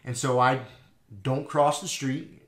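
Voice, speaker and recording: A man hosting a podcast, telling a story in a casual, animated way, swearing and acting out both sides of an argument. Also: medium pitch, slow, reverberant. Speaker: podcast host.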